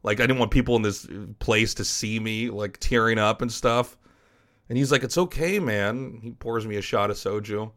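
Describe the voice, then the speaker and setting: A man's voice: on the low side, little pitch movement, normal speed, fairly bright tone. A man hosting a podcast, telling a personal story in a frank, rambling way and swearing casually. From United States. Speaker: podcast host and esports caster.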